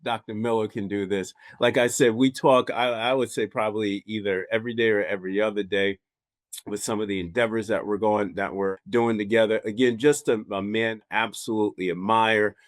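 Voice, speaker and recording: A man hosting a podcast, telling a story with lots of laughter and animated warmth toward his guest. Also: on the low side, fairly quick. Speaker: podcast host. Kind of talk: casual interview intro.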